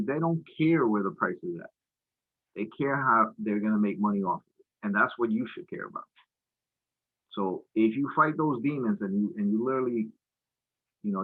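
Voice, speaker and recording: A man's voice: lowish voice, narrow, tinny audio. A man giving a casual market recap while walking through charts, talking in a loose, rambling way with lots of fillers and slang. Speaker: futures trading presenter.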